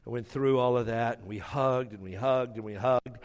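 A man's voice: mid-range voice, a little fast, in a large hall. A man preaching a sermon, telling a personal story with self-mocking humor and emotion. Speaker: pastor.

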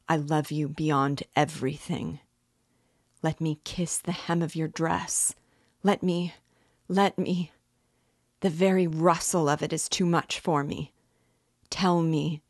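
A woman's voice: deep voice, dry recording, clean studio sound. A woman reading as a coldly menacing nobleman. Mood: pleading, feverish. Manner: slow, quietly intense pleading turning coldly mocking. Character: obsessive, menacing male nobleman. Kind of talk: audiobook reading.

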